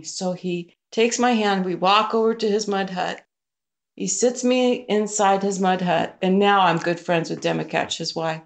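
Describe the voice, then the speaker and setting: A woman missionary guest telling a personal story, animated and acting out the voices she quotes. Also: medium pitch, normal speed, gravelly.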